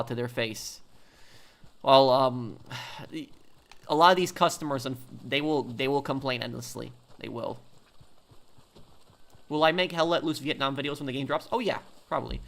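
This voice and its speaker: A man's voice: medium pitch, moderate pace, long pauses, a bit bright. A man who hosts a live stream from the United States, reading viewer comments aloud and answering them in a rambling, opinionated way while he plays.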